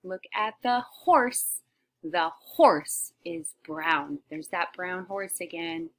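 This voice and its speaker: A woman teacher leading a shared reading lesson for young children, sounding out letters slowly and often dropping to a whisper, encouraging and animated. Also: fairly low pitch. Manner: animated, encouraging, with gasps of discovery.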